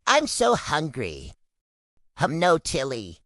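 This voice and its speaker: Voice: medium pitch, huge pitch swings, takes it slowly, bright, forceful tone, no echo, clean studio sound, exaggerated voice. A person voicing a hungry, dramatic pet dog who begs over and over in a home video. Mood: begging. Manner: begging, repetitive pleading.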